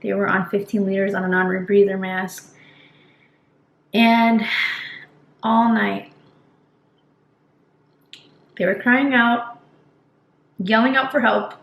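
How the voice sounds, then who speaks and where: A woman's voice: medium pitch, steady tone, slow pace, creaky, long pauses. A young woman, a nurse, talking earnestly and casually to camera in a vlog, with fillers and restarts. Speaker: nurse vlogger. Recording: echoey room, faint background noise.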